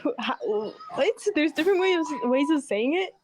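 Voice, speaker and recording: A woman's voice: sits high, lively intonation, normal speed, darkish tone, slight background noise. A woman on speakerphone in playful, swearing banter. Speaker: caller. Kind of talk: casual chat on speakerphone.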